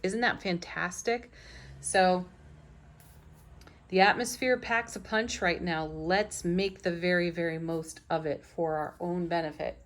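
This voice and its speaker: Lowish voiced woman doing a tarot reading, warm encouraging vibe, middle aged. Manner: gentle, enthusiastic, affirming. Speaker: tarot reader.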